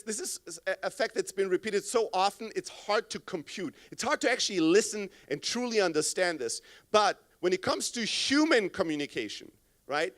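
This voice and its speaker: A man's voice: high-pitched, a bit bright. A man in his thirties speaking on a conference stage into a microphone, blunt and profane, acting out callers as he goes. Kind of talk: energetic stage talk.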